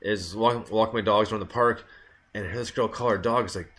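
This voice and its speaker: A man's voice: medium pitch, quick pace, a bit bright. A man hosting a music radio show, telling rambling stories with many restarts and laughs. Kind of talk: casual chat.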